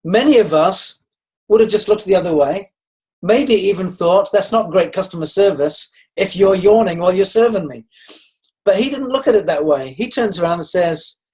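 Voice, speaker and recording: A man speaks on a leadership call, encouraging his team. He tells stories in a steady, conversational way and often stops to restart his sentences. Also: high-pitched, normal speed. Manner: storytelling, encouraging, with frequent restarts. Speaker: network marketing leader. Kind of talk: motivational talk on a group call.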